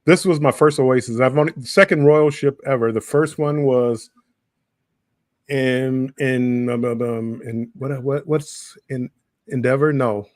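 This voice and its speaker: A man's voice: mid-range voice, fairly even intonation, a little slow, darkish tone, no echo, studio quality. A man who is a guest on a casual live stream, talking hesitantly with repeated words and fillers.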